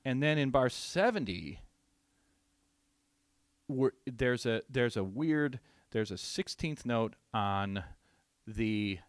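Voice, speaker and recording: Slow, lively-voiced male drum teacher. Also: medium pitch, no echo, clean studio sound. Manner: thinks aloud with restarts, says "right?" often. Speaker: drummer teaching a song. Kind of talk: relaxed instructional talk. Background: loud music and drum track.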